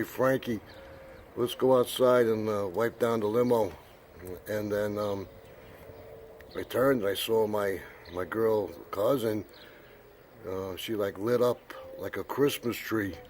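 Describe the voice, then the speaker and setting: An older man telling a rambling personal anecdote with many pauses. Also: fairly low pitch, darkish tone, slight background noise. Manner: rambling, many fillers and restarts. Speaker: storyteller.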